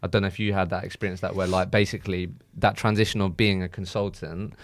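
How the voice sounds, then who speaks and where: A man's voice: low-pitched, level tone, quick pace, no room sound, clean studio sound. Laid-back male podcast host. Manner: informal, swears, rambling questions. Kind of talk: casual interview chat.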